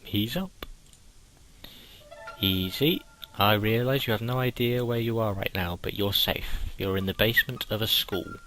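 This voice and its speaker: A man voicing a calm, reassuring male survivor leader in his own plain, fairly low voice, with no put-on character voice. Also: measured pace, slight background noise, poor audio. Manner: reads the lines plainly, no put-on voice.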